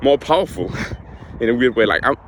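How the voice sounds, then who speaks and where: A man's voice: mid-range voice, animated, fairly quick, noisy background. Young man venting in a casual vlog. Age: young adult. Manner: frank, heated, swears often. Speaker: vlogger.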